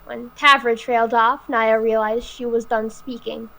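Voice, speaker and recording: A woman's voice: a little high, little pitch movement, creaky, fairly bright tone, rough recording. Woman reading a novel aloud. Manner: careful, slightly halting reading. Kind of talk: live read-aloud of a novel.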